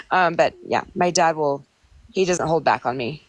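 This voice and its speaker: A woman's voice: sits low, lively intonation, slow pace. A woman on a podcast panel who talks bluntly and plainly in casual chat. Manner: blunt, plain-spoken, with fillers.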